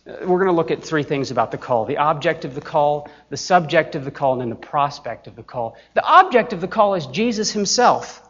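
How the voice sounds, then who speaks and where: A man's voice: on the high side, animated, a bit bright. Earnest preaching man, dull lo-fi sound. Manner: earnest, emphatic, slows deliberately on key phrases. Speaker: pastor. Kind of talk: sermon.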